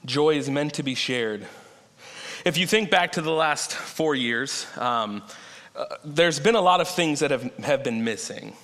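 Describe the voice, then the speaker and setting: A man preaching a sermon in a conversational way, slowing down to stress key points. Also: a little high, lively intonation, fairly bright tone. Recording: long reverb of a large hall.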